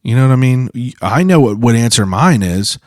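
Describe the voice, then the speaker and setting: A man's voice: medium pitch, expressive, fairly quick, darkish tone, no room sound, studio quality. A man hosting his own podcast solo, talking in a casual, profane, rambling way full of fillers. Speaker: podcast host.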